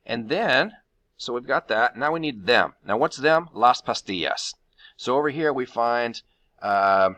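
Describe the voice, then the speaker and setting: A man teaching a Spanish grammar lesson, walking through the steps of each rule with frequent fillers and pauses. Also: on the low side, bright, forceful tone.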